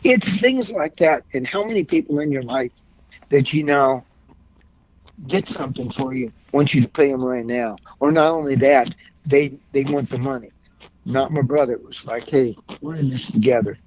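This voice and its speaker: An older man, a guest from a car club, rambles through folksy stories about the club, swearing mildly now and then. His voice is medium in pitch and darkish in tone, moving at a moderate pace, and the recording sounds dull and lo-fi.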